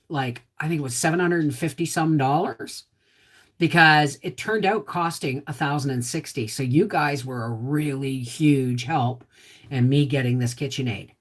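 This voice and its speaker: A woman's voice: lowish voice, a bit bright. A woman hosting a casual livestream from her home, chatting, greeting viewers by name and talking to her dog. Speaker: homestead livestream host.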